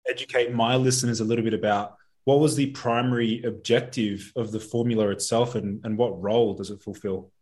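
A man's voice: mid-range voice, steady tone, brisk, hardly any pauses, darkish tone. A man hosting a podcast, asking questions in a casual, curious way. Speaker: podcast host. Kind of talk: podcast interview.

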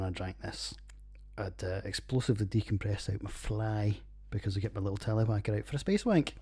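A man's voice: mid-range voice, a little mellow, husky. A man with a Scottish accent hosting a casual solo podcast, rambling and jokey with plenty of swearing. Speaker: podcast host reviewing beers.

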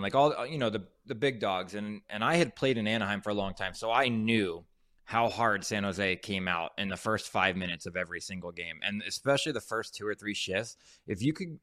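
Former pro hockey player, male, low voice, lively and profane raconteur on a podcast. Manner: animated, laughing and swearing as he tells stories. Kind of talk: casual storytelling chat.

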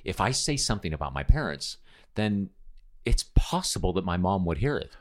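Very deep-voiced man, thoughtful and hesitant. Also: big pitch swings, normal speed. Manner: thoughtful, hesitant, many restarts. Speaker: podcast host. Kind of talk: casual conversation.

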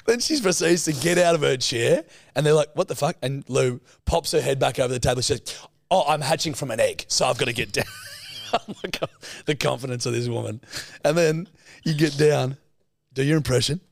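A man's voice: mid-range voice, a little fast, creaky, slight background noise. An Australian man co-hosting a podcast, chatting casually with swearing and laughter. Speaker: podcast co-host. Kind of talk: casual chat.

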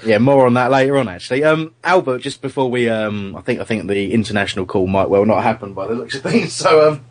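A man's voice: mid-range voice, lively intonation, fast talker. A man hosting a casual football podcast over an online call, hesitant and chatty with many restarts. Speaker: podcast host.

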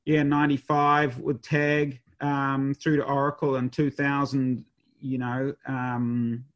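A man's voice: medium pitch, little pitch movement, slow pace, dull audio. Man in his fifties, rambling sailing yarns. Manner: rambling with many fillers and restarts. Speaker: professional sailor, race skipper. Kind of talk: conversational storytelling.

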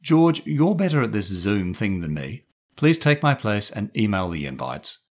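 A bossy, proud boy leader who gets flustered, as a male narrator voices him a little higher. The voice is clipped and a touch raised, with lively ups and downs. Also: a little slow.

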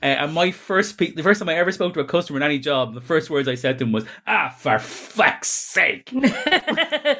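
A man's voice: a little high, racing, hardly any pauses, fairly bright tone. A man, a comedian guest telling rambling, self-interrupting comic anecdotes in casual chat.

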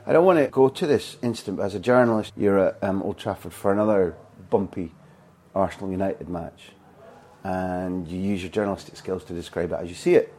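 A man's voice: low-pitched, fairly quick, darkish tone, husky. A man from Scotland hosting an interview, asking long, probing questions in a conversational way. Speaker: podcast interviewer.

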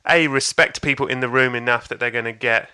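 A man's voice: medium pitch, fairly even intonation, fairly quick, bright, forceful tone, clean tone. A man, a comedian, telling a story in casual chat, laughing often and acting out voices. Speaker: stand-up comedian guest.

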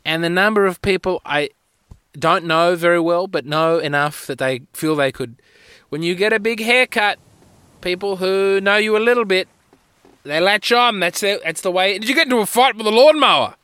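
A man's voice: sits high, moderate pace, sharp tone, smooth, dry recording. A man hosting a podcast, telling rambling, wry, self-mocking stories in a solo monologue on a close mic. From Australia. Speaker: podcast host.

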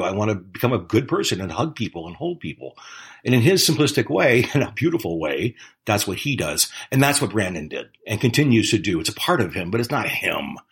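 A man's voice: mid-range voice, fairly bright tone, slightly rough. A man hosting a podcast, rambling and effusive, his voice worn out after several interviews that day. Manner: rambling, effusive, laughs often. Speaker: podcast host. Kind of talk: casual interview chat.

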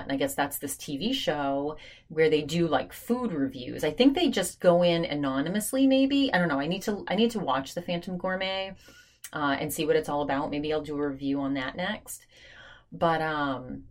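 A woman hosting a podcast, telling a rambling personal story in a chatty, casual way with lots of restarts. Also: sits low. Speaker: podcast host.

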